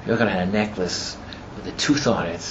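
A man teaching a class as he retells a story, rambling and filling his talk with "you know", and growing animated as the story builds. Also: deep voice, fast talker. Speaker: religious teacher. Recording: muffled with steady background noise.

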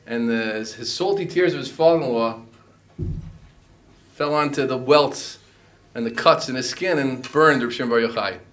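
A man's voice: medium pitch, normal speed, long pauses, a bit bright. A man teaching a Talmud class, mixing Aramaic and Hebrew phrases into his English explanations.

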